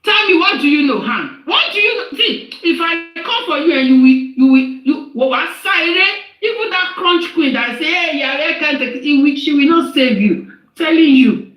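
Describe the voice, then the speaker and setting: A woman's voice: high voice, lively intonation, moderate pace, muffled recording. Scolding woman ranting. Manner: scolding, repeats lines for emphasis, rhetorical questions. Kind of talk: angry live-stream rant. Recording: echoey live-stream audio.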